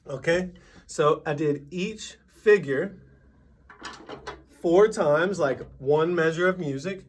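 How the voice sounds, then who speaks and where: Male drum teacher, slightly high voice, very slow and patient, noisy recording. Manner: patient, counts sixteenth notes out loud with accents. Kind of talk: music lesson, counting rhythms aloud.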